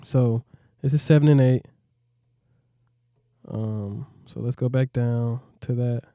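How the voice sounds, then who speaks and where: In a clean studio recording with no room sound, a male music producer takes it slowly as he casually tours a plugin. His mid-range voice is warm and steady, and he rambles, often asking "you know what I mean."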